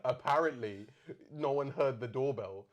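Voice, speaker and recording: A man's voice: medium pitch, moderate pace, highs cut off. A man co-hosting a casual chat podcast, telling party stories with lots of laughter. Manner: animated storyteller, laughs a lot. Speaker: podcast co-host.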